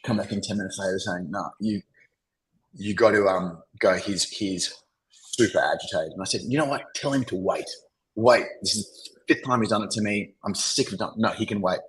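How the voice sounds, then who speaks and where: Rambling Australian man, low voice. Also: steady tone, brisk, fairly bright tone, poor audio. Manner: rambling anecdotes full of "you know" and "like". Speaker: podcast guest, agency founder. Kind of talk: casual interview storytelling.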